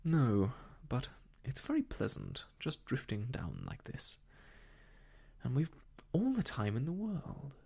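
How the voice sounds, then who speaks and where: A whispering storyteller voicing a relaxed young girl drifting in a canoe, in a whispered role-play. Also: medium pitch, slow pace, gravelly, slightly rough, full character voice. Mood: easygoing.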